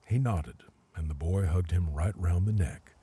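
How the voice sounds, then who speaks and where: A man giving sing-song, expressive rhyming storybook narration for an audio drama. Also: deep voice, unhurried, husky, no room sound.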